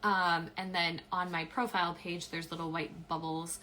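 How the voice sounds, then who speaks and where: Young woman on a live stream, bright tone, lots of ums, chatty and loose. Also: lowish voice, little pitch movement, normal speed, slight background noise, rough recording. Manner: chatty, many "um"s and restarts, frequent laughs. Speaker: live-stream host, affiliate marketer. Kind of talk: casual live-stream chat, answering viewer questions.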